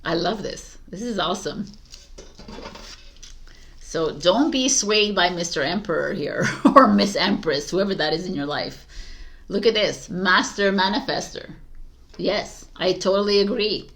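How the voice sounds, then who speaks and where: A woman's voice: on the low side, a little slow, gravelly, a bit bright. Woman doing a tarot reading, chatty, encouraging, lots of ums and likes. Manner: chatty and encouraging, with fillers and restarts, laughs often. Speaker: tarot reader. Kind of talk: casual spoken tarot reading.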